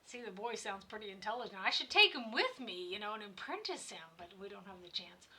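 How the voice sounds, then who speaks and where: A woman's voice: mid-range voice, very animated, a little fast, sharp tone. A woman voicing a cheeky, sarcastic young male helper while reading game dialogue aloud. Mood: mocking. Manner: sarcastic, mocking.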